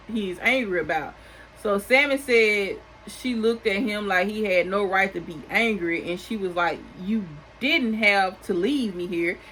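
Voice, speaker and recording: A woman's voice: mid-range voice, fairly bright tone, rough recording. Woman doing a sassy casual tv recap, aave, regular mid voice, a little hiss behind. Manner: chatty, sassy asides. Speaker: recap host.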